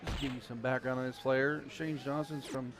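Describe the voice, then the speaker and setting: A man with an Ozark accent calling a darts match live, folksy, chatty and excitable. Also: medium pitch, moderate pace, very noisy. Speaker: darts commentator. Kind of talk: live play-by-play commentary. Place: darts venue. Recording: crowd chatter behind.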